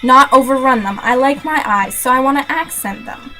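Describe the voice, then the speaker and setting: A woman's voice: sits high, normal speed, sharp tone, faint music behind, poor audio. A young woman in her teens vlogging an earnest, emphatic motivational rant, repeating key points for emphasis.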